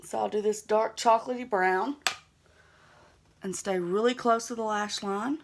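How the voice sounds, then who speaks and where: A young woman with a Southern US accent talks her way through a makeup tutorial. Her voice is easygoing and chatty. She teases herself as she works at her middle pitch. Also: unhurried, slight background noise. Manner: chatty, easygoing, self-teasing. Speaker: beauty vlogger.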